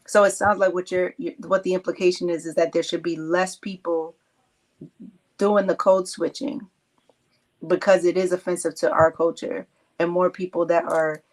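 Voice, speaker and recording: Podcast panelist, flat intonation, measured delivery, many restarts. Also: mid-range voice. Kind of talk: casual group discussion.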